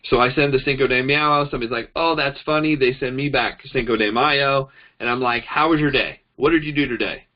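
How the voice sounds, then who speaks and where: A man's voice: medium pitch, a little fast, hardly any pauses. Guy telling marketing stories, plays out the back-and-forth, kinda muffled sound. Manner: chatty, animated storytelling, acts out quoted dialogue. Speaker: network marketing trainer. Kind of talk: casual training talk. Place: indoors, demonstrating on a phone.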